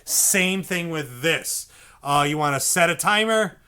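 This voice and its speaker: Man, percussion teacher, bright forceful voice, patient and repetitive, says the drum syllables aloud. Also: a little high, lively intonation, unhurried, clean tone. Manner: patient, repeats "okay?" often, speaks drum syllables aloud. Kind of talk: instructional lesson.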